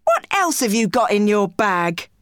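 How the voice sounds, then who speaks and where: A woman voicing a calm, steady schoolboy who speaks in a level way. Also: medium pitch, unhurried, no echo, pitched above the performer's own voice.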